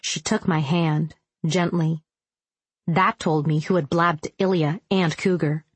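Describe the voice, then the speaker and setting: Low, husky woman narrating an audiobook. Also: steady tone, unhurried, no room sound. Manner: wry, self-deprecating. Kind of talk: first-person audiobook narration.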